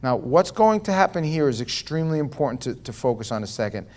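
A man preaching at a Bible study in a folksy, conversational manner. He reads scripture aloud and comments as he goes. He drops into quiet asides, then rises to loud, emphatic stretches. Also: on the high side, fast talker. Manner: folksy, animated, swings from soft asides to loud emphatic reading. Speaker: pastor leading a Bible study. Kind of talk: conversational sermon.

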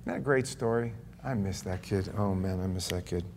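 A man's voice: deep voice, slight background noise. A man preaching in a church, telling a personal testimony in a conversational, emotional way with frequent restarts. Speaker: pastor. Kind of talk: sermon testimony.

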